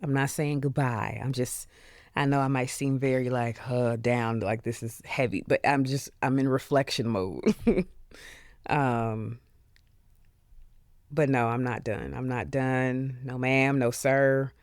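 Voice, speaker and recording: A podcast host speaking alone in an earnest, heartfelt way, with many pauses and fillers, openly emotional. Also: mid-range voice, steady tone, clear, resonant tone, no room sound, clean studio sound. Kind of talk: solo reflective podcast monologue.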